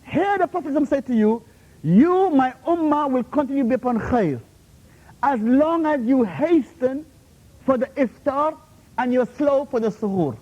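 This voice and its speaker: A high-pitched man, an invited Islamic speaker, confrontationally scolds a questioner in a university lecture room during a heated Q&A, repeatedly demanding "Huh? How?" and using Arabic terms in his English. He is animated but speaks a little slowly, on a muffled lo-fi recording.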